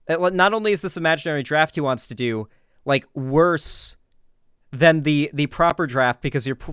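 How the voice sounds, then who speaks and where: A man's voice: fairly high pitch, fairly bright tone, clean tone, no echo, clean studio sound. A man hosting a casual reaction commentary, rambling with lots of filler words and sarcastic asides. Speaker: commentary host.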